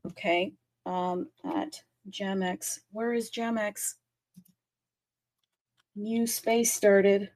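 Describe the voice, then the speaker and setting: A woman hosting a live audio space in casual chat, bubbly and talkative, laughing often and swinging her pitch up with excitement. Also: very slow, pauses often, dry recording.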